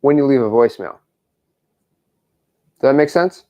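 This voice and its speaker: A young man coaching a caller on a call, pushy and repeating lines slowly word by word. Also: medium pitch, lively intonation, lo-fi sound. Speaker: wholesaling coach.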